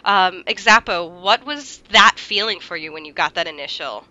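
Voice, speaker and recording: A woman's voice: lowish voice, expressive, normal speed, pushed and bright, no echo, muffled recording. A woman hosting a casual podcast chat, bubbly and laughing often. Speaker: host.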